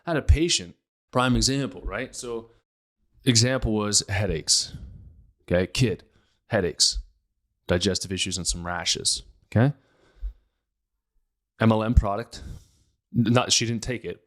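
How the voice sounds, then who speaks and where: Fairly low-voiced guy from pittsburgh, health podcast host, punchy and emphatic, lots of questions. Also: a little slow, pauses often. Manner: emphatic, rhetorical questions, animated asides. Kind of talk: casual health podcast monologue.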